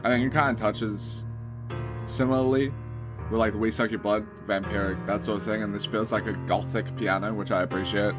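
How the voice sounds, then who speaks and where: An Australian man in casual reaction commentary with a fairly low voice. He rambles and piles up filler words, swearing offhandedly as he thinks out loud. An album plays faintly behind him. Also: steady tone, brisk. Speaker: music reaction host. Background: album music playing faintly.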